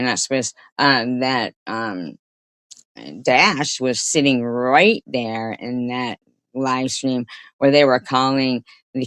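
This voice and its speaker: A woman's voice: extremely low pitch, dry recording. A woman livestreamer giving rambling, indignant, profane commentary to her chat.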